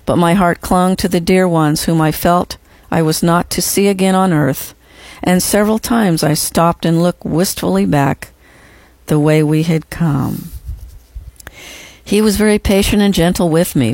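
A measured, reverent audiobook narrator reads a first-person memoir in a gentle voice. The pitch sits in the middle range. The recording is dry and close, with no room sound. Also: no room sound.

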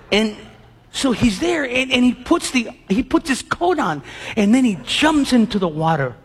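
A man's voice: high voice, slightly rough, long reverb tail. A man preaching a sermon, acting out Bible scenes and quizzing his congregation with questions.

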